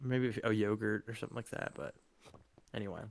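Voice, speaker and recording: A man's voice: lowish voice, brisk, vocal fry, a little hiss or hum. A man hosting a live stream, chatting casually while gaming, rambling with lots of fillers and laughter.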